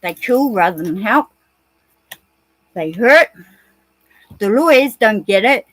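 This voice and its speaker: A woman's voice: medium pitch, lively intonation, takes it slowly, fairly bright tone, poor audio. A woman with a New Zealand accent, ranting agitatedly in a rambling monologue and swearing often.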